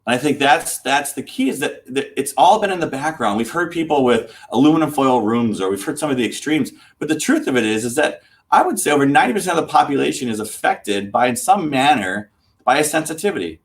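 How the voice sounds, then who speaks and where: A man's voice: medium pitch, lively intonation. A middle-aged man speaks earnestly in a mid-range voice, sharing a personal story as a show host. He halts often, restarting his sentences and filling gaps as he searches for words. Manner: earnest, halting, with many restarts and fillers. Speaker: host, former general contractor. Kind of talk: casual storytelling talk.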